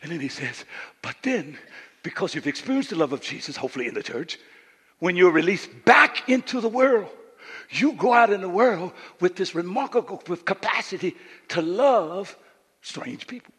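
A man from Louisiana, preaching a sermon as pastor and swinging between quiet asides and shouted lines. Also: high voice, expressive, normal speed, husky. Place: church sanctuary. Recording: live church hall reverb.

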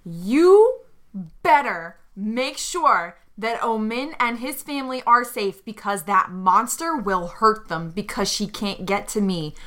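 A woman voicing her furious, defiant adventurer character, shouting accusations with heavy emphasis. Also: on the high side, lively intonation, a little slow, voice pushed down.

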